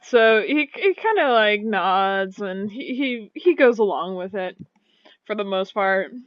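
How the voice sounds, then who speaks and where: A woman's voice: mid-range voice, lively intonation, unhurried, no room sound. A woman running a tabletop game as game master. She narrates hesitantly and fills gaps with "kinda, like.". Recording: dull lo-fi mic.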